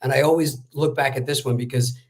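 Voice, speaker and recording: A man swaps stories as a podcast guest in a relaxed, easy way. He talks fast and runs his thoughts together, stopping for little fillers along the way. His pitch sits in the middle. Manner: rapid, chatty, with many fillers. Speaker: real estate wholesaler, guest. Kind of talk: casual storytelling interview.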